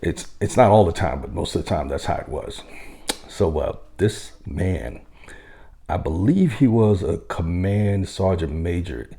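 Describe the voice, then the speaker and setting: A man, a military veteran, telling a story in a casual, unhurried, conversational way with occasional chuckles. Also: sits low, expressive, gravelly, warm tone.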